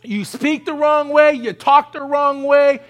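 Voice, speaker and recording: Male pastor, very high voice, sermon, rising intensity, call-and-response. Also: fairly even intonation, measured pace. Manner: acts out pleading voices.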